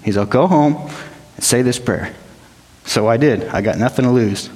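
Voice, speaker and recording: A man telling his personal testimony to a church gathering, plain-spoken and emotional, often halting and repeating himself. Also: medium pitch, darkish tone. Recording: long hall reverb.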